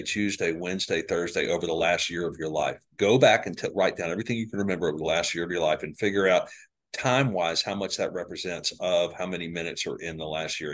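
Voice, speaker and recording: A man with a notably deep, low voice speaks as a psychologist guest on a podcast. He tells anecdotes in an earnest, conversational way, sprinkling in ums and you-knows as he goes. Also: a bit bright. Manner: earnest anecdotal storyteller with frequent fillers. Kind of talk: podcast interview storytelling.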